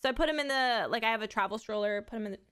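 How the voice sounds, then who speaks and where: A woman's voice: a little high, racing, fairly bright tone, clean tone. A woman live streamer in a casual, rambling chat who swears freely.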